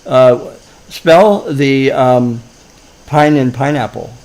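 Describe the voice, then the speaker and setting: A man puts on a tired ice cream counter lady in a told joke. She speaks plainly at an everyday pitch and keeps her patience with a pushy kid. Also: slow pace, a little mellow, natural voice, rough recording. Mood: patient. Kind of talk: joke telling.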